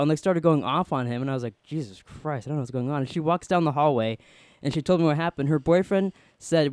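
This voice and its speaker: Fast-talking man telling a story. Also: a little high, no echo, studio quality. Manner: animated, acts out quoted voices. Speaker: podcast host. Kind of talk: casual storytelling.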